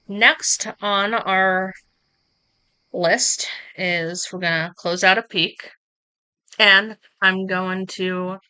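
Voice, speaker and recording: A woman streamer explains her setup in an unhurried, casual live tutorial, chatting with asides to her viewers. Her voice is bright and crisp, recorded close on a streaming mic. She takes her time over every step. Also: medium pitch. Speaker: streamer teaching streaming software. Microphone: streaming microphone close up.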